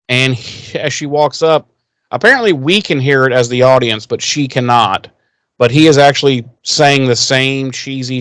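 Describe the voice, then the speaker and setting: A man co-hosting a podcast, recapping a TV episode in casual chat, animated and profane. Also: mid-range voice, smooth, no echo. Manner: profane, animated retelling with acted quotes. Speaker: podcast co-host.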